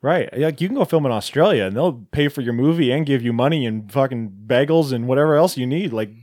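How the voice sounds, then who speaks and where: A man co-hosting a podcast in casual chat, joking around and quick to laugh. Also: mid-range voice, darkish tone, no room sound, studio quality. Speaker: podcast co-host.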